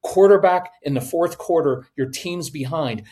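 A man in his fifties giving casual parenting advice on a podcast, animated and acting out quoted voices. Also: fairly high pitch, moderate pace, few pauses. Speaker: podcast guest, parenting coach.

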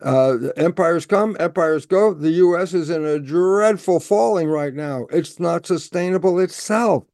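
A man's voice: fairly high pitch, unhurried, hardly any pauses, darkish tone, dry recording, studio quality. A man giving an explanatory talk, lecturing conversationally, asking and answering his own questions and playing out both sides of a dialogue. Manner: repeats words and restarts, asks and answers his own questions. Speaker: speaker explaining stress biology.

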